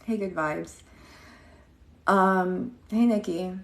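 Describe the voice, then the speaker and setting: Woman, thirties, livestream host, unhurried gravelly voice, echoey room. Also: fairly low pitch. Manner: chatty, greets viewers mid-story, acts out quotes. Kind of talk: casual livestream storytelling.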